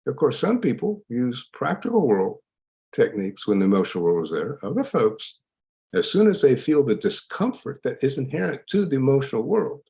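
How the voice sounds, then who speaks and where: Older gravelly-voiced man, lively delivery. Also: medium pitch. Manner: lively, emphatic, laughs while explaining. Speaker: psychologist guest. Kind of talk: lecture-style interview answers.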